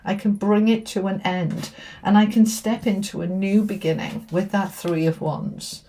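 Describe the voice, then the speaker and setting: A woman's voice: medium pitch, fairly even intonation, measured pace, warm tone. A woman giving a casual spoken tarot reading as a spiritual teacher, chatty and fond of rhetorical questions.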